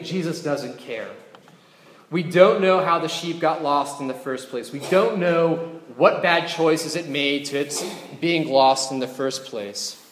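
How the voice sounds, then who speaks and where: A man's voice: a little high, a little hiss or hum. A man preaching a sermon as a pastor. He talks in a conversational way and often puts rhetorical questions to the congregation. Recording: echoey hall with long reverb.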